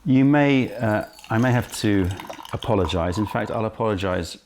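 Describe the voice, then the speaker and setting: A man presenting a casual tea-tasting vlog, highly caffeinated, chatty and full of self-interrupting asides, filmed on a camera right in front of his face. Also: moderate pace, noisy background. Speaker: tea shop owner and presenter.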